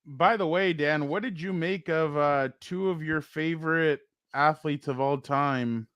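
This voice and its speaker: A man's voice: a little high, measured pace, fairly bright tone, clean tone, no room sound, studio quality. A man hosting a casual sports chat who keeps jumping to new topics and teasing his co-host. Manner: jumps between topics, teasing.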